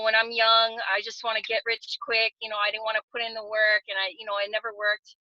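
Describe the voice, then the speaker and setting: A woman's voice: on the high side, bright, forceful tone, dry recording. A woman in her thirties from Hawaii telling her story in a casual, earnest way with lots of fillers on a video call. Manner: earnest, many fillers and restarts. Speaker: guest giving a testimonial on a video call. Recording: dull lo-fi call audio.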